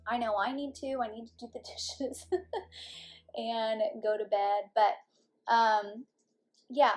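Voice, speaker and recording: A woman giving a slow, soothing tarot reading to her viewers, encouraging them and speaking to them directly. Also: a little high, darkish tone. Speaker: tarot reader. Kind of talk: pick-a-card tarot reading.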